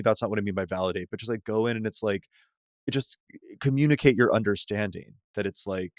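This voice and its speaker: Chatty low-voiced man, dry sound. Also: fairly even intonation, a little fast, no room sound. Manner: loose and rambling, heavy use of "like" and restarts, laughs easily. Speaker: psychotherapist guest. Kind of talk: podcast conversation.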